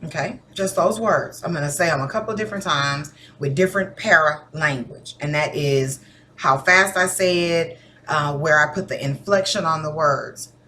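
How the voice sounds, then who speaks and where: A woman teacher's low voice, at a normal pace, comes through with a little hiss or hum. She is giving her students a recorded lesson, chatting in a relaxed way and animatedly demonstrating different tones.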